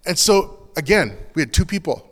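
A pastor giving an earnest, confessional sermon in a loose, conversational way, full of casual fillers. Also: male voice, a little high, animated, normal speed, fairly bright tone, big-room sound.

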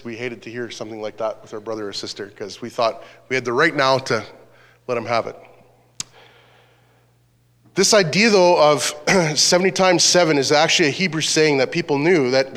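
A man's voice: fairly high pitch, fairly bright tone, long reverb tail. A man preaching a sermon as pastor, earnest, reading scripture aloud.

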